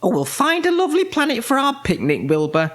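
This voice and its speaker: Storybook witch, high and squeaky, excitable, cheerful; dad voices her. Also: a little fast, exaggerated voice.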